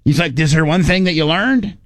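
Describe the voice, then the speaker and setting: A man hosting a radio talk show, telling a story in a casual, animated way and acting out the quoted dialogue. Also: on the high side, fairly quick, no room sound.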